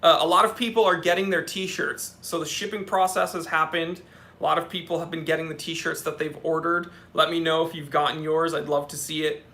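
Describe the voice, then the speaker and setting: A young man with a bright, forceful voice, pitched a little high, hosting a live Q&A stream. He reads viewer comments and answers them in a chatty, off-the-cuff way. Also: flat delivery, fairly quick. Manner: chatty, answers questions off the cuff, talks to his cats. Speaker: watch channel host.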